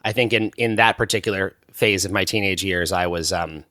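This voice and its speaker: A man's voice: deep voice, a little fast, sharp tone, no room sound, studio quality. A man in his thirties chatting as a podcast guest, rambling through stories with lots of fillers and restarts. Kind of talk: casual chat.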